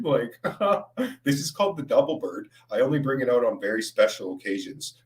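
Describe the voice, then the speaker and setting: A man's voice: mid-range voice, lively intonation, normal speed. A young man chatting on a livestream, stoned, rambling, laughing often and swearing freely. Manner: rambling, laughing, swears a lot, says "dude". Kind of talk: casual livestream chat. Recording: roomy, distant from mic.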